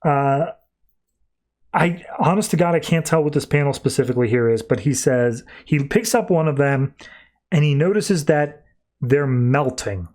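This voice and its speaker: A man hosting a podcast, retelling a comic in a quick, rambling way full of fillers. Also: a little high, darkish tone. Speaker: podcast host. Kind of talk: casual comic recap.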